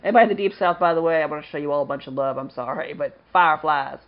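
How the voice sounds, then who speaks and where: A man's voice: on the high side, fairly even intonation, racing, muffled recording. A man co-hosting a podcast in casual, jokey chat, laughing often. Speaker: podcast co-host.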